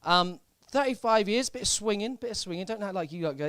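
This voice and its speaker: A young man from Southampton doing a live stand-up set in a comedy club, deadpan and hesitant, full of fillers and repeats. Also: sits high, brisk, clear, resonant tone, no room sound. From Southampton, England.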